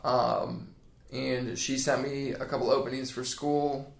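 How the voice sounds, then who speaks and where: A man's voice: mid-range voice, level tone, unhurried, creaky, roomy sound. A man in his thirties from Indiana, a personal trainer chatting as a podcast guest in a rambling, laid-back way with lots of fillers. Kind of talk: casual interview chat.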